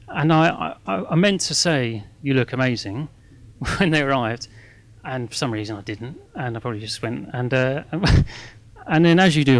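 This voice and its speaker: A middle-aged man giving a live talk to an audience. His speech is chatty and self-mocking, and he keeps checking in with "okay?". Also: medium pitch. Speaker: guest speaker at a fundraising masterclass.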